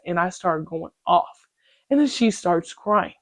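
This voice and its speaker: Animated, profane woman in her twenties venting. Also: on the low side, unhurried, dry recording. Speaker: podcast host. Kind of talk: casual storytelling monologue.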